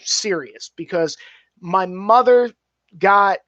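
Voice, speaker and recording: A filmmaker guest, a man, tells stories casually, animated, swearing freely and speaking candidly. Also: high voice, slow pace, no echo. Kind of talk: casual storytelling. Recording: dull, dry, slightly muffled.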